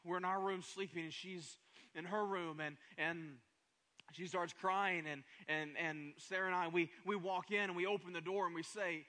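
Bright-voiced preacher man, fast and emphatic. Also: sits high, fairly even intonation. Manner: emphatic preacher, repeats words, builds to raised passionate runs. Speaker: pastor. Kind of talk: sermon.

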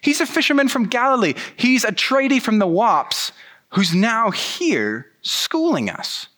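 A man's voice: very high-pitched, very animated, measured pace, fairly bright tone, voice pushed up, heavily acted. A man voicing an indignant male temple leader who scoffs in disbelief. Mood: incredulous. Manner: incredulous, scoffing questions. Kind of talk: sermon storytelling.

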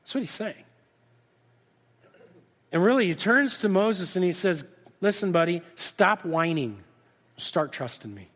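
A middle-aged male pastor preaching a sermon, acting out lively back-and-forth dialogues with God. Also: high voice, unhurried, long pauses. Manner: animated, acts out dialogue with God in different voices. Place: church sanctuary. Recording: reverberant church hall.

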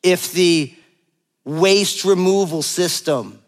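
A man's voice: high voice, slow pace. A man in his forties, a pastor preaching a sermon, telling a personal story with humor and acting out the dialogue. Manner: animated, playful, acts out quoted dialogue.

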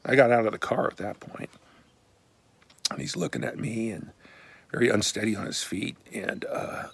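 A pastor telling a personal story in a relaxed, blunt, conversational way. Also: male voice, fairly low pitch, normal speed, gravelly, husky.

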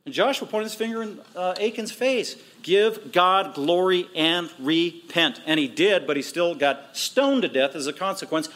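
A male pastor preaching a sermon, emphatic and repetitive, with quick asides. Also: on the high side.

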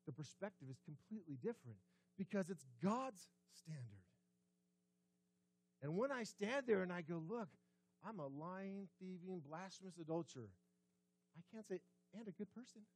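A man preaching a sermon as pastor, conversational, asking the congregation questions and dropping his voice low and quiet for emphasis. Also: animated, moderate pace, slightly rough. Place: church sanctuary.

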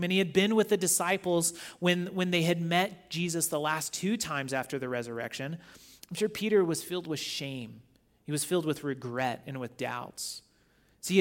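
Male guest preacher, somewhat high voice, casual and animated, mixes scripture reading with retelling. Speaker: guest teacher. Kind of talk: sermon.

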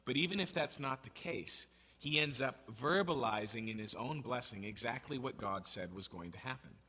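A man giving an expository sermon, reading scripture aloud and explaining it in a conversational, animated way. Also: medium pitch, normal speed, breathy edge. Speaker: preacher.

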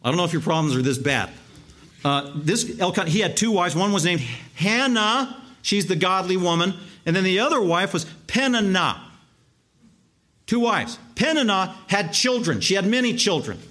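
A man preaching a sermon, emphatic, stacking repeated words into long lists and slowing down to stress key words. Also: high-pitched, animated, a bit bright. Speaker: pastor.

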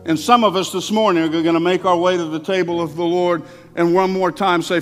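A male pastor with a high voice preaches in a church sanctuary, his words ringing with long hall reverb. He shifts between forceful emphasis and hushed, intimate asides. Faint instrumental music sits low behind him. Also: fairly quick. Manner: conversational preaching, swings from loud emphasis to soft asides. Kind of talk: sermon.

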